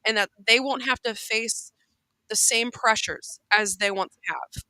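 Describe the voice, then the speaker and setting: Bright-voiced woman talking with heartfelt emphasis. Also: a little high, measured pace, no echo, rough recording. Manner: heartfelt, emphatic, many restarts. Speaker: co-host. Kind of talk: casual podcast chat.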